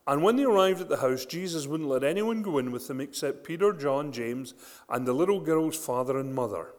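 A man preaching a sermon, retelling scripture with animated storytelling and frequent rhetorical questions. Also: medium pitch, a little fast, in a large hall.

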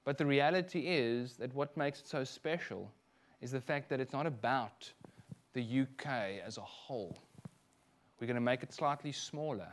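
A middle-aged man from South Africa with a South African accent, preaching a sermon as a minister and telling lively personal stories with frequent asides. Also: mid-range voice, moderate pace.

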